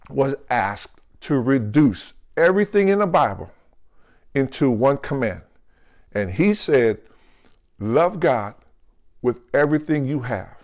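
A male pastor preaching a lively, jokey sermon, who keeps calling out to the congregation and slows down to stress scripture words. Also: medium pitch. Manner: calls out to the congregation with questions like "right?" and "come on".

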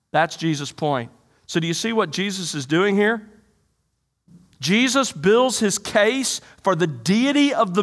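A man's voice: high-pitched, a bit bright. A male pastor preaching an expository sermon to a church congregation, quoting scripture and putting emphatic questions to his listeners. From United States. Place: church sanctuary.

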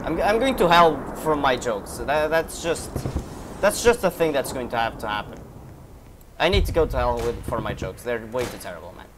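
A man's voice: mid-range voice, lively intonation, normal speed, noisy background. A young man giving casual gameplay commentary, frustrated and sarcastic, swearing often. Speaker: gaming video creator. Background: game music and gunfire.

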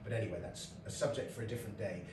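A middle-aged British lecturer and comedian gives a comic lecture to a live audience in a lecture hall, telling chatty stories with asides and laughs. His lowish voice goes very fast, picked up by a roomy hall mic from a distance, with background noise.

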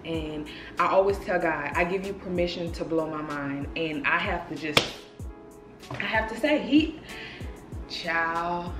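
An animated woman of thirty talks straight to her viewers in a casual home vlog. Her voice sits a little low. The room sounds roomy, with music under her. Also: measured pace. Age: 30s. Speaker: lifestyle vlogger. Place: apartment room. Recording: roomy echo with music behind.

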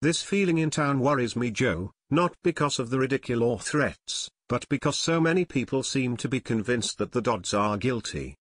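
A man's voice: mid-range voice, expressive, moderate pace, hardly any pauses, lightly acted. A man reading the part of a thoughtful teenage boy detective in an audiobook. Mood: earnest. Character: earnest teenage boy detective, older brother.

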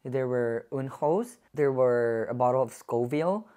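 A man's voice: medium pitch, a little slow. Gushing man reviewing perfumes. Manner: gushing and effusive, often dropping to a soft hush. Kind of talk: casual perfume haul vlog.

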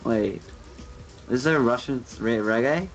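A man's voice: medium pitch, slow pace, over music, rough recording. A man streaming a city-building game, chatting in a rambling, profane way full of filler words. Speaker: let's play streamer. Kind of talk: casual gaming chat.

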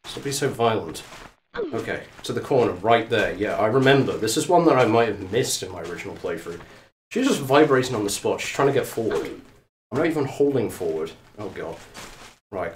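Breathless man excitedly narrating live gameplay. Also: on the low side, slight background noise. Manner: excitable, talks to the game character and chat. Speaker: let's play streamer. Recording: echoey room, mic at a distance.

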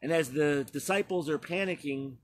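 A male pastor preaching a sermon, retelling a scripture story slowly with frequent pauses. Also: a little high.

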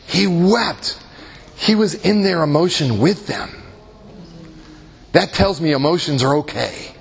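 A man's voice: a little high, lively intonation, takes it slowly, creaky, slightly rough. A man leading a Christian workshop in a conversational way, often asking his listeners rhetorical questions and making jokes at his own expense. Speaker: workshop leader.

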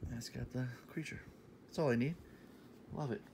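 A man in his thirties talking casually in a shopping haul vlog, enthusiastic and repetitive, sometimes dropping to a soft half-whisper. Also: mid-range voice, normal speed, creaky, a little hiss or hum. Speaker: vlogger showing a shopping haul.

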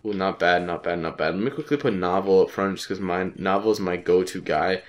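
Congested deep-voiced young gamer guy. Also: brisk. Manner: rambling, profane, offhand. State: congested with a cold. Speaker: let's play commentator. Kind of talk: casual gameplay commentary.

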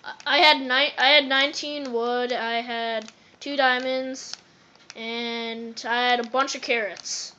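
A woman chatting casually while playing a game, excitable, repeating words and breaking into sudden squeals. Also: fairly high pitch, slow pace, a little hiss or hum. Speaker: gamer. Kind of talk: casual let's-play chatter. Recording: dull lo-fi phone recording.

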